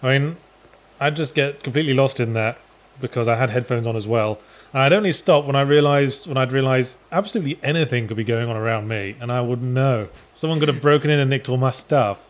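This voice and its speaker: A man's voice: mid-range voice, fairly quick. A man hosting a let's play, chatting in a dry, rambling, sardonic way. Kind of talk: casual gaming commentary chat.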